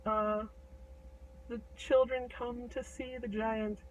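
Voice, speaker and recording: A woman's voice: fairly high pitch, little pitch movement, slow, slight background noise, rough recording. A woman casually retelling a fairy tale in a chatty, irreverent, joking way with plenty of fillers and swearing. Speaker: storyteller.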